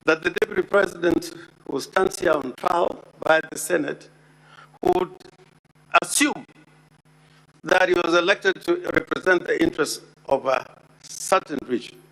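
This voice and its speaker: A man making a formal legal argument before the Senate as counsel, deliberate and emphatic, repeating key words for weight. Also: high-pitched, creaky, a bit bright, low-quality recording. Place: Senate chamber.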